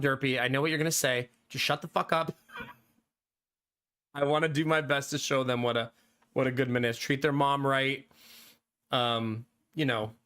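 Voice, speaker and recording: A man in his thirties streams a game, reading live chat and talking casually with viewers. His voice is on the high side, bright and forceful. He laughs often and swears freely.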